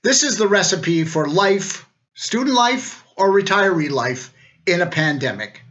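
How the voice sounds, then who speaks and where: A man's voice: sits high, lively intonation, unhurried, a bit bright, muffled recording. An older man, a retired law dean, giving a wry, joking recorded greeting.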